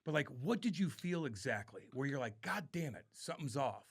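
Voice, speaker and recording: A man's voice: medium pitch, expressive, fairly quick, husky. A man hosting a podcast, asking his guest loose, searching questions full of fillers. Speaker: podcast host. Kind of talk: casual interview chat.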